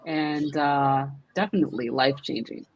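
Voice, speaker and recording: Woman, stream host, low voice, husky, gushing, casual chat. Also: normal speed, no echo. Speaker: livestream host.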